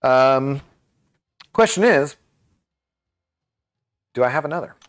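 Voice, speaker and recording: A man's voice: medium pitch, expressive, slow. Rambling man chatting on a live stream. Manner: rambling, chatty, reads and answers viewer messages. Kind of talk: casual live-stream chat.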